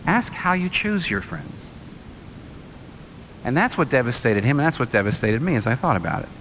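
A man's voice: medium pitch, big pitch swings, moderate pace, fairly bright tone, a little hiss or hum, low-quality recording. A man preaching a sermon, firing rhetorical questions and telling a story.

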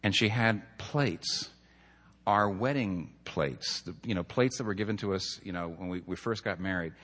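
A fairly low-voiced man delivers a sermon with earnest conviction, leaning into his points with emphasis. His voice rings out in a hall with a long, lingering reverb. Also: normal speed, fairly bright tone. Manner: earnest, builds to emphatic points, tells stories. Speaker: pastor.

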